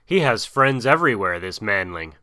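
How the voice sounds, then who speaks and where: A huge old python with a slow, hissing, menacing drawl, put on by a man reading a storybook. The voice is crisp and bright, set against a dry, close sound. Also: lowish voice, very animated, dry recording. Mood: calm. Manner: slow, hissing, drawn-out speech.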